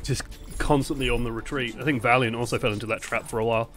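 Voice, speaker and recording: Young man, casual esports analyst, bright voice, swears freely. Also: mid-range voice, fast talker, faint music behind. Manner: chatty, swears freely, animated asides. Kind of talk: casual match breakdown commentary.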